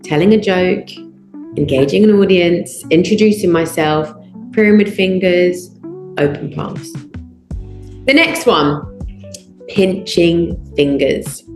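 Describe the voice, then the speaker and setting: Slow, emphatic woman coaching in an echoey room. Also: on the low side, a little mellow. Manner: emphatic, builds lists of short punchy phrases. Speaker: public speaking coach. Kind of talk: online training lesson. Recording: roomy echo.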